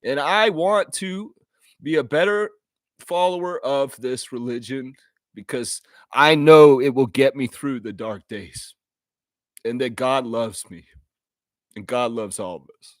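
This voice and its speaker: A man's voice: medium pitch, a little slow, no echo. Earnest, emotional man on a dry mic. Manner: earnest, heartfelt, apologetic, many restarts. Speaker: host of a basketball fan live stream. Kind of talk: unscripted live stream monologue.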